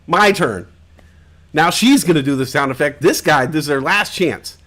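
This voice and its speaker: A man hosting a live-stream talk show, telling stories in a casual, profane, animated way. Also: fairly high pitch, brisk.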